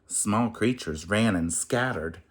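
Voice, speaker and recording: A man reading a rhyming children's picture book aloud in an expressive, sing-song way. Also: lowish voice, takes it slowly, slight background noise.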